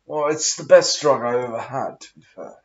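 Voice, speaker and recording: A man rambling to camera in an exaggerated posh, aristocratic voice, his pitch swinging up and down lively as he goes. He swears freely and wanders from thought to thought. The recording sounds dull and lo-fi. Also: moderate pace. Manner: affected posh aristocratic put-on voice; swears often, meandering. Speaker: vlogger. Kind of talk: rambling casual monologue.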